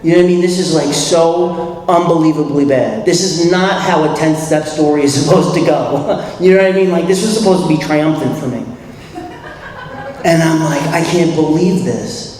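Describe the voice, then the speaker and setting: A man with a New York accent telling his recovery story at a convention, animated, acting out dialogue and laughing often. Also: on the high side, moderate pace. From New York City. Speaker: recovery meeting speaker. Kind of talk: personal recovery story talk. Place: convention hall. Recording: echoey hall, distant mic, faint hiss.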